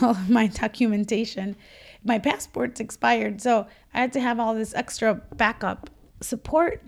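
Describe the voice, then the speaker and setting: A woman telling a funny story in a casual chat, animated and laughing, acting out what people said. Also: on the high side. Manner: animated, laughing, acts out quotes.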